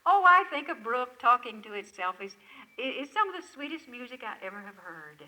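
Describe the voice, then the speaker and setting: A woman's voice: fairly high pitch, very animated, a little fast, bright, forceful tone, poor audio. An older woman speaking at a lakeside retreat camp, giving a devotional talk full of effusive rhetorical questions to her listeners.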